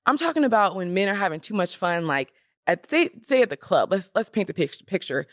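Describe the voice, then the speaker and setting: A young woman hosting a podcast in casual chat, animated and emphatic with sassy asides. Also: medium pitch, brisk, no room sound, studio quality. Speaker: podcast host.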